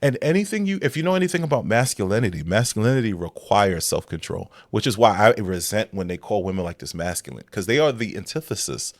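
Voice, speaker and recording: Animated man commenting, lively pitch swings. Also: fast talker, few pauses, dry recording. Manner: animated, incredulous, blunt. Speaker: reaction commentator. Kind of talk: casual commentary.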